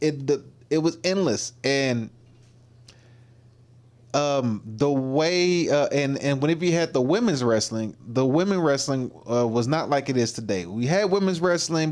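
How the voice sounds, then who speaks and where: A man's voice: mid-range voice, expressive, unhurried, darkish tone. A man hosting a reaction livestream, talking casually and rambling with lots of fillers and restarts. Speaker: livestream host.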